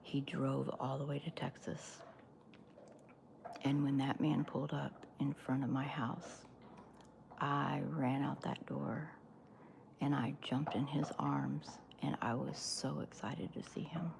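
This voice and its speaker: A woman telling a personal story on a livestream in an earnest, emphatic way, pausing often. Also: a bass voice, flat delivery, gravelly, background noise. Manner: earnest, emphatic, with many pauses. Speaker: livestream host.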